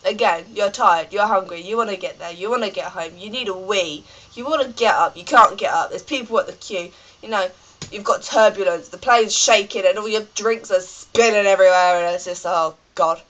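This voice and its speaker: A woman's voice: mid-range voice, brisk, fairly bright tone, poor audio. A British woman with a cold, ranting in a rambling, chatty vlog full of fillers. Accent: British English. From Britain. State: has a cold. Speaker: vlogger.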